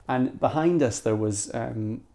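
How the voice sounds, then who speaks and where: A Scottish man tells a story as a podcast guest, animated and full of restarts. His voice is gravelly with a dark, mellow tone. It is recorded on a cheap microphone. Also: mid-range voice, measured pace. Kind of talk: casual storytelling.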